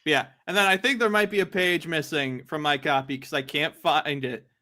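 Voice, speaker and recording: A man's voice: fairly high pitch, moderate pace, pushed and bright. A man hosting a casual comic-book chat, laughing often as he retells scenes. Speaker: podcast host.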